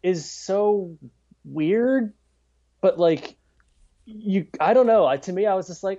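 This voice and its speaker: A podcast co-host chats casually, often stammering and restarting his sentences. His high voice has lively intonation, a dark tone, and normal speed. The audio is dull and lo-fi.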